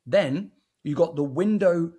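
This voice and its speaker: A man who is a podcast guest, with a husky voice pitched a little high. He talks eagerly and rambles, restarting his sentences often. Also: takes it slowly, warm tone. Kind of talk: casual film review chat.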